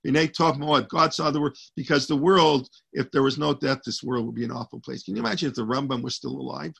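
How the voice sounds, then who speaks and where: Gravelly man teaching a Torah class. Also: medium pitch, quick pace, a bit bright. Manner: rambling, restarts, quotes Hebrew texts.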